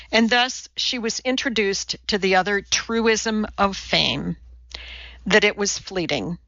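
Slow, bright-voiced woman narrator. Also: mid-range voice, dry recording, highs cut off. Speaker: audiobook narrator. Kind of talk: scripted narration.

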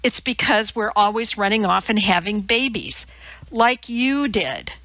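A woman's voice: medium pitch, expressive, a little slow, pushed and bright, dry recording. A woman voicing a sarcastic, needling female personnel officer who mocks a colleague. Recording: slightly dull lo-fi.

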